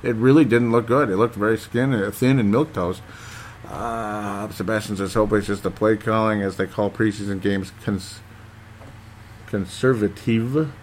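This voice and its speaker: Male host, low-pitched, hesitant and chatty, reads fan comments, light background hiss. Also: fairly even intonation, moderate pace. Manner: rambling, hesitant, with many fillers. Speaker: podcast host reading listener comments. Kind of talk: casual chat.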